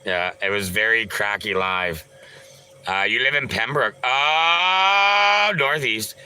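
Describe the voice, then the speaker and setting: A man chats with his viewers on a live stream, taking his time over each thought. His voice is very bright and a little tense, and his talk rambles loosely with filler sounds and casual swearing. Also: lowish voice, unhurried, smooth, faint music behind, low-quality recording. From Canada. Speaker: livestreamer.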